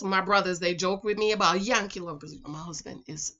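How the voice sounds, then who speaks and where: A Jamaican woman telling a personal story in a casual, animated vlog. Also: on the low side, brisk. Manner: animated, chatty, swings from loud to quiet. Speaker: vlogger.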